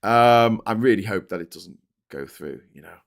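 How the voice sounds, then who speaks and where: A man's voice: on the low side, lively intonation, moderate pace. Ranting man hosting a morning show. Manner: ranting, exasperated. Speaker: livestream news show host. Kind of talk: casual news commentary reading viewer chats.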